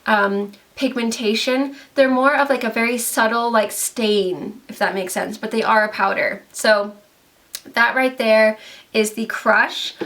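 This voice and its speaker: A woman's voice: medium pitch, fairly bright tone. A young woman vlogger chatting casually through a beauty product review, full of "like" and "um". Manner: chatty, lots of "like" and "um" fillers.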